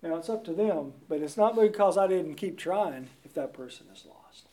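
A man's voice: fairly high pitch, lively intonation, normal speed, dark tone. A man preaching a sermon in a church, emphatic and repeating his key words, recorded from a distant mic in a roomy space.

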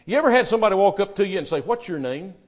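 A man with a fairly high voice delivering a sermon. He preaches with loud emphasis to his listeners, then drops to a soft, hushed voice when retelling dialogue. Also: expressive, very fast.

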